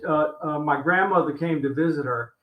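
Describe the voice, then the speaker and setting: A woman guest on a live stream panel, chatting casually and reacting with quick exclamations over a video call. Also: deep voice, phone-quality sound. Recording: echoey room on a video call.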